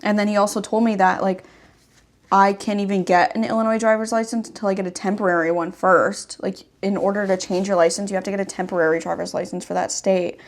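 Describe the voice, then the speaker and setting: A woman's voice: medium pitch, steady tone, quick pace. Chatty young woman storyteller. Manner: rambling storytelling, heavy use of "like". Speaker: podcast host. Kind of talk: casual chat.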